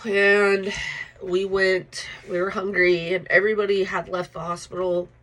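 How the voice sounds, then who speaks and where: A woman's voice: mid-range voice, flat delivery, measured pace, fairly bright tone, low-quality recording. Woman just telling her story, rambly, lots of likes and ums, swears without a second thought. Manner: rambling, full of "like" and "um" fillers; blunt, swears freely. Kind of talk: casual personal storytelling.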